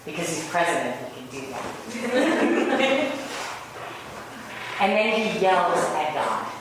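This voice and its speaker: A woman giving an informal, chatty sermon, laughing often and acting out the stories she tells. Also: mid-range voice. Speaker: spiritual speaker. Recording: echoey room, mic at a distance, noisy.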